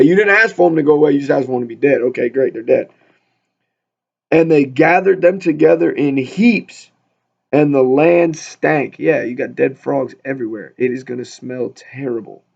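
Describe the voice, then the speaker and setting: A man with a gravelly, slightly higher voice reads scripture and then breaks into chatty, joking commentary. The recording sounds dull and lo-fi. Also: a little mellow. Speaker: Bible study leader. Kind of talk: casual Bible teaching.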